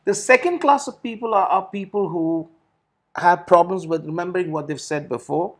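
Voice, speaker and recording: A man's voice: sits high, normal speed, fairly bright tone. A middle-aged man, an IELTS trainer answering questions. He explains things step by step and often repeats words and restarts his phrases. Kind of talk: teaching in a recorded Q&A session.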